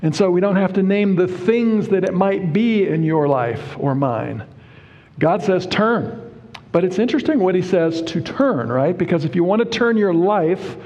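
A man preaching a sermon, explaining Bible verses word by word in a deliberate, emphatic way. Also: sits high, dark tone. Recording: reverberant hall.

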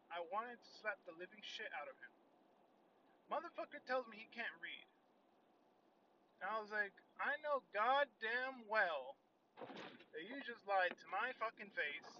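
Young guy ranting and cussing on a podcast, kinda high voice, far off mic with hiss behind. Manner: profane, animated retelling of a customer. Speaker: podcast host. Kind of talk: casual storytelling rant. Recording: distant, muffled, noisy recording.

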